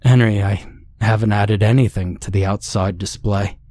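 A man's voice: fairly low pitch, steady tone, normal speed, warm tone, dry recording, close to an everyday voice. A man voicing a rattled young man who speaks hesitantly and stammers. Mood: uneasy.

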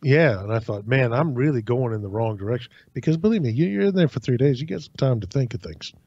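A man casually telling a long personal story on a podcast, acting out other people's lines in an animated way. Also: mid-range voice, fast, slightly rough, no echo. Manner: animated, acts out voices in anecdotes. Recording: dry, slightly dull sound.

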